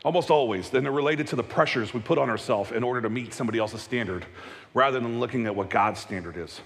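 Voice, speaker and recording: A male pastor giving a casual, conversational sermon, chatty with joking asides and quick acted-out voices. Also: medium pitch, a bit bright, long reverb tail. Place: church hall.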